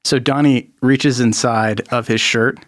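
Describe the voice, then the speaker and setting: A man's voice: mid-range voice, fairly even intonation, a little slow. A man narrating a tabletop game as game master, talking loosely and laughing often.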